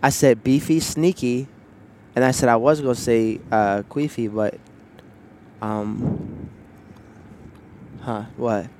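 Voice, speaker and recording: A man's voice: mid-range voice, steady tone, slow, pauses often, a little mellow, a little hiss or hum. Playful joking man hosting a podcast. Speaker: podcast host. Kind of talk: casual chat.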